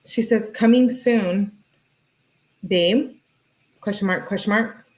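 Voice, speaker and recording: A woman with an ordinary middle-pitched voice reads text messages aloud in a relaxed, chatty way. She breaks off to comment and talk to her viewers between the lines. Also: takes it slowly, low-quality recording. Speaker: true crime commentator.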